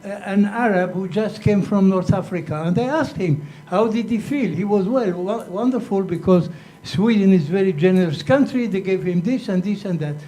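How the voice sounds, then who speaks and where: A man's voice: high voice, moderate pace, hardly any pauses, dark tone, slight background noise. A man in a lecture hall audience asking a panel a question, leading in with a wry anecdote. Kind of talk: conference Q&A question.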